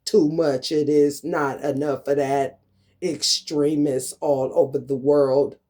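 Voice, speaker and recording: A man delivering an angry, confrontational ranting monologue to camera, full of swearing, swinging between loud outbursts and low muttering. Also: flat delivery, slow pace. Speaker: vlogger.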